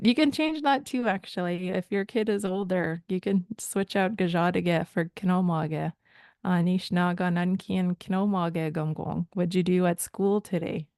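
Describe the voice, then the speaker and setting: A woman from Rama First Nation in Canada explaining language points in a thoughtful, hesitant way, often pausing to search for words. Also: on the low side, gravelly, darkish tone, no room sound. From Rama First Nation, Ontario, Canada. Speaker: language teacher.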